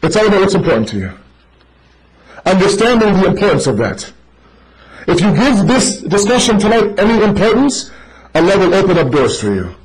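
A man with a high, bright-toned voice delivers a sermon to a live gathering. He talks straight to the crowd, calling them brother, and makes his points through short stories. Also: a little fast, long pauses, poor audio. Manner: animated, addressing listeners directly as brother; tells stories to make a point. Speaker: preacher.

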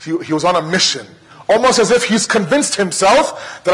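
High, bright-voiced impassioned male preacher. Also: expressive, normal speed, low-quality recording. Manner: impassioned, dramatic retelling with repetition. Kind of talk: emotional storytelling sermon.

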